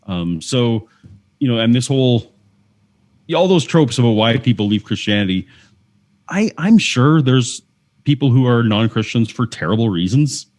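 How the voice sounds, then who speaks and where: A Canadian man talks frankly as a podcast guest, his voice sitting in a middle pitch. He is earnest and searching, circling back and restarting his sentences as he works through his thoughts. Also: lively intonation, moderate pace, darkish tone. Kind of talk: candid conversational interview.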